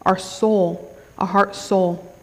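A woman's voice: medium pitch, fairly even intonation, drawn-out words. Chatty woman preaching in an echoing hall. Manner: conversational, checks in with the crowd. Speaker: conference speaker. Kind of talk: sermon. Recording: long hall reverb.

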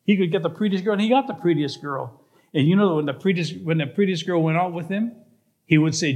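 High-voiced man preaching a story. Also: sing-song, a little fast, a little mellow. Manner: tells a cautionary story, often asking the congregation rhetorical questions. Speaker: pastor. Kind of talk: sermon with storytelling. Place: church.

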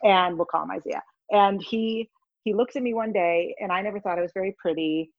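A woman's voice: mid-range voice, a little fast, dry recording, dull audio. A woman guest in an interview, telling stories with animation and acting out the voices of people in them. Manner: animated storyteller, acts out voices in anecdotes. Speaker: guest, communication consultant. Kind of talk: conversational storytelling interview.

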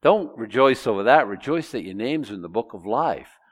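A middle-aged man preaching a sermon in an animated, expressive way, his pitch leaping up and down as he acts out scenes and throws questions at the congregation. His voice carries a long reverb from a large church hall. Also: normal speed. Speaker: pastor. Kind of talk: expository sermon.

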